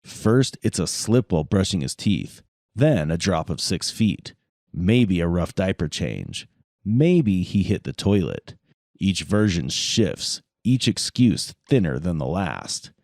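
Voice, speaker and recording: A man with a very low voice narrates true crime from a script. His delivery moves a lot in pitch and stays measured and dramatic. The recording is dry and close, with no room sound. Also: very animated, a little mellow, dry recording.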